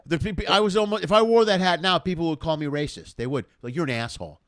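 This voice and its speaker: A man's voice: a little high, quick pace, a crowd in the background. A man from South Side Chicago hosting a live comedy talk stream, chatting casually, joking and laughing often. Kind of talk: casual chat.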